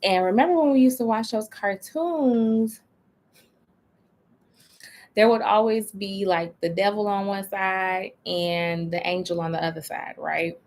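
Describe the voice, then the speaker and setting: A woman coaches her live-stream viewers in a conversational, sermon-like way. Her voice sits mid-range with a gravelly, fry-laced texture. She slows down and stretches key words for emphasis. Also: mid-range voice, a little mellow. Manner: conversational, preachy, drawn-out emphasis. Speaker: life coach and spiritual guide.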